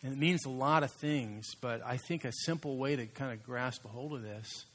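A pastor mid-sermon addresses his congregation in a relaxed, conversational manner. His mid-range voice carries a husky edge, and he slows down to lean hard on the words he wants to emphasize.

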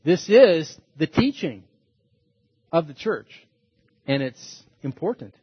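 A man's voice: on the high side, big pitch swings, slow pace, husky, no echo, lo-fi sound. A man preaching a sermon as a pastor, earnest and emphatic, repeating his points.

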